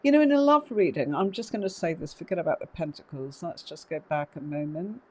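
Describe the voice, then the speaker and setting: A woman's voice: lowish voice, expressive, brisk. A woman teaching tarot on a casual live stream, chatty and rambling, full of fillers and asides.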